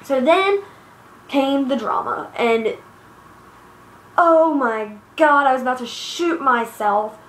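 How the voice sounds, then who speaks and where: High-voiced teen girl ranting, echoey room. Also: lively intonation, takes it slowly, long pauses. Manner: profane, exasperated, rambling. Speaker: vlogger. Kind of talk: angry personal rant. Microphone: iPod built-in mic.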